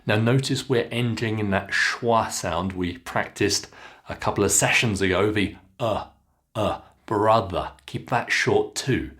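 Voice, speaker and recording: A man with a British English accent teaching pronunciation, saying single words slowly and clearly for learners to repeat. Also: lowish voice, lively intonation, a bit bright. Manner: slow, clearly enunciated drilling of single words. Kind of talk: follow-along pronunciation lesson.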